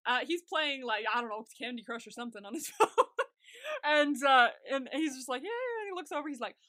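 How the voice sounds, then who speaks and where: A high-pitched woman with a bright, clear tone co-hosts a podcast in casual chat. She giggles often and slips into quick impressions of the characters she describes. Her voice sounds close and dry, with no room around it. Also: no echo. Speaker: podcast co-host.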